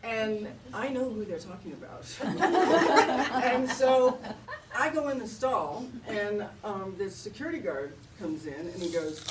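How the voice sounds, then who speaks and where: A woman's voice: mid-range voice, lively intonation, takes it slowly. An older woman doing stand-up comedy, telling self-deprecating stories and laughing at her own punchlines. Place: comedy venue with live audience. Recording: roomy, distant mic, noisy audience.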